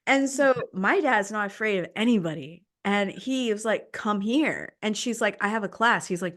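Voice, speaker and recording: Young woman podcast host, dramatic storyteller, mid pitch, lively. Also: normal speed, few pauses. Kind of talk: casual storytelling chat.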